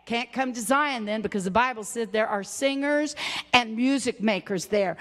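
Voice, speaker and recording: A woman preaching a sermon, swinging from high exclaiming to hushed whispers. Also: moderate pace. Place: church sanctuary. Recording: long reverb of a church hall.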